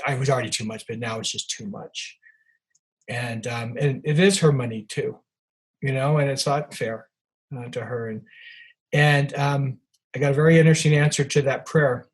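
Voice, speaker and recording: A man's voice: medium pitch, slightly rough, rough recording. An older man, an author, telling rambling anecdotes as a podcast guest, with many restarts and fillers. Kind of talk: storytelling in a podcast interview.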